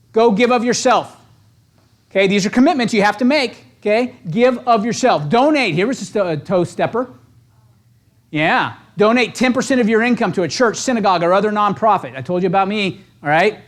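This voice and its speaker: A high-pitched man delivers a lively motivational training session for real estate agents. His style is punchy and conversational, and he keeps checking in with "right?"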